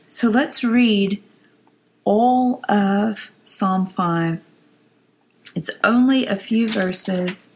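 A woman giving a devotional Bible teaching, reading psalm verses in a soft, reflective way and sometimes dropping to a whisper. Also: mid-range voice, drawn-out words, poor audio. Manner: soft, reflective, drops to a whisper on key phrases.

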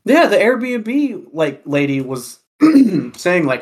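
A man from Kansas telling a story in casual chat, animated and profane, with lots of "like" fillers. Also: high voice, slow.

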